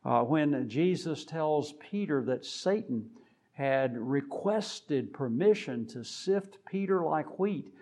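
A man preaching a sermon, deliberate and measured with frequent pauses, building to emphatic rises on key points. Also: on the high side, expressive, a little mellow.

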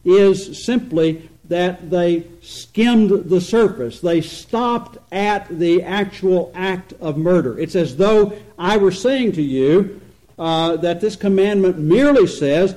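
A man preaching an expository sermon, earnest and emphatic, slowing down to stress points and swinging between loud and quiet. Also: high voice, rough recording. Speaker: pastor.

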